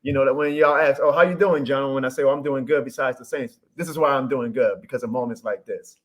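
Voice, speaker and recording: A man's voice: medium pitch, fast talker. A man in his thirties from New Orleans with a thick New Orleans accent, telling stories as a podcast guest in an upbeat, earnest way. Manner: animated storyteller, upbeat and earnest. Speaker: guest content creator. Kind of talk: casual podcast chat.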